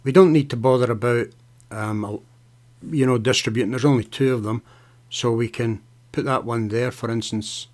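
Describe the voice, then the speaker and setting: A man hosting a live software tutorial, chatting casually as he clicks through steps, often saying "okay" and "right". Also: mid-range voice, normal speed. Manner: casual, talks to viewers by name, fillers and okays. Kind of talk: live screen-share tutorial.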